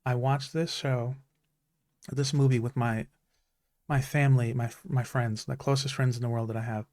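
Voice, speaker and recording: With a flat delivery, moderate pace and darkish tone at medium pitch, this thirtysomething streamer chats casually with no echo. He speaks in a heartfelt, earnest way about meaningful stories, frequently restarting his sentences.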